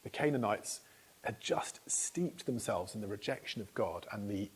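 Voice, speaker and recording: A man's voice: lowish voice, lively intonation, moderate pace, husky. A middle-aged man preaching a conversational sermon, putting questions to the congregation and often restarting his phrases. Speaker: pastor. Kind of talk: interactive sermon. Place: church hall.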